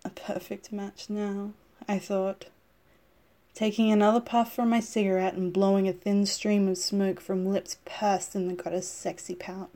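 A woman reading a first-person story aloud at a steady pace, now and then stumbling over a word and correcting herself. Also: mid-range voice, moderate pace. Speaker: story reader.

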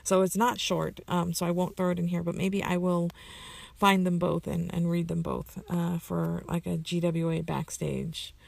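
A woman's voice: on the low side, little pitch movement, moderate pace, vocal fry, darkish tone, dry recording. A woman casually answering a list of questions, rambling with lots of fillers and self-corrections. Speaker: community member answering questions.

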